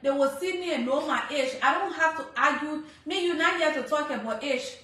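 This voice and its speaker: Young Liberian woman, high bright voice, fired-up live rant, very echoey room. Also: brisk. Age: young adult. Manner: animated, scolding, laughing between points. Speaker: social media commentator. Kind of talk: heated live commentary.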